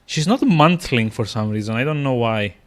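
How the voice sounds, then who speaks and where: A man's voice: mid-range voice, lively intonation, normal speed, fairly bright tone. A man streaming a video game, rambling with lots of fillers and restarts as he plays. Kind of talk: casual gameplay commentary.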